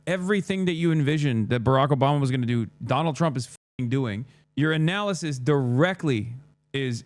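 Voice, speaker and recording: A man doing live-stream political commentary, sarcastic and crude, ranting in quick bursts. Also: medium pitch, dry recording. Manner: sarcastic, crude, rapid rants.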